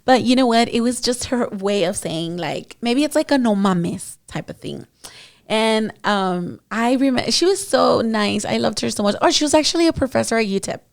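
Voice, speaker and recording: Chatty woman with vocal fry. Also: on the high side, lively intonation, moderate pace, dry recording, studio quality. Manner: chatty, many fillers, addresses listeners as guys. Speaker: esthetician podcast host. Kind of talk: casual storytelling monologue. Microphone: podcast mic.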